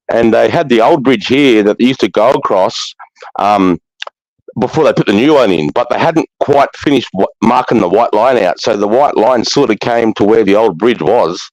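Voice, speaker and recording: A man's voice: mid-range voice, darkish tone, no echo, rough recording. A man in his forties with an Australian accent, telling stories in a blunt, heavily swearing casual chat. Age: 40s. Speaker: podcast host.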